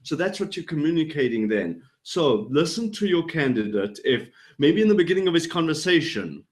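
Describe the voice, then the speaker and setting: A man who trains people in body language, explaining his points in an animated way over a video call and acting out rising and falling intonation. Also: fairly high pitch, moderate pace. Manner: animated, demonstrates vocal inflection up and down. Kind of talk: explanatory interview talk.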